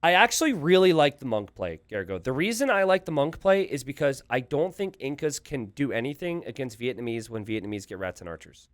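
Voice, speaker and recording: A man casting a live strategy game, thinking aloud with animated asides to his viewers. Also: mid-range voice, fairly quick, few pauses, dry recording. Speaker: game caster.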